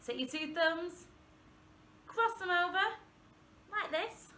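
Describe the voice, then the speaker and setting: Lively, high-voiced woman teaching children. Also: reverberant, slight background noise. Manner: animated, encouraging, drawn-out words. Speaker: primary school workshop presenter. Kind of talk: interactive singalong lesson for young children.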